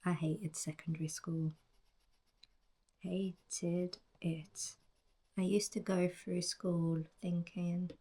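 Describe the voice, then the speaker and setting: Slow, whispery woman in her forties. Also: lowish voice, level tone, mellow, slightly rough. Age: 40s. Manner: reflective, drifting into whispers. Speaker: colouring book author. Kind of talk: soft whispered narration.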